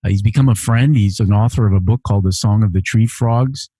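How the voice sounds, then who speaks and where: A man's voice: fairly low pitch, fairly quick, dark tone, slightly rough, dry recording. A man hosting his podcast from a home studio, reading listener messages in an earnest, emotional way and often repeating phrases. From immigrant to Canada. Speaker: podcast host. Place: home living room studio.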